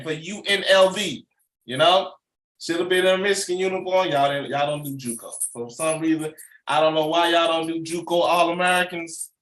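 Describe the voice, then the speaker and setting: A middle-aged man hosts a casual sports show, rambling from point to point with lively slang. His voice sits a bit high. The room around him is echoey. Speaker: sports channel host.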